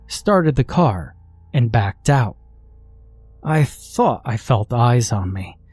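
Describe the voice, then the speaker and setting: A man reading a horror story aloud, in a measured and deliberate way. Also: medium pitch, warm tone. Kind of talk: scripted horror narration.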